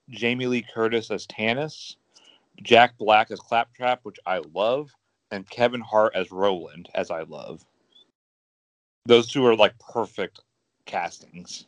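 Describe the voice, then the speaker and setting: Low-voiced man, dry close sound. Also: no room sound, lo-fi sound. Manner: rambling, enthusiastic gamer talk with many fillers. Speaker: podcast co-host. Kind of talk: casual chat.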